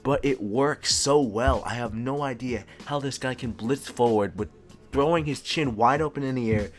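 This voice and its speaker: A man's voice: medium pitch, moderate pace, soft background music. A man hosting his own channel, giving casual commentary in a loose way, often saying "dude" and stumbling over repeated words. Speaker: MMA YouTube host. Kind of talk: casual commentary ranking fighters.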